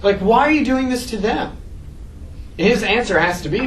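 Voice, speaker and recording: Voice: mid-range voice, normal speed, far from the mic, a little hiss or hum. A teacher giving a casual, joking classroom lecture and asking the class questions. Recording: echoey classroom taped from afar.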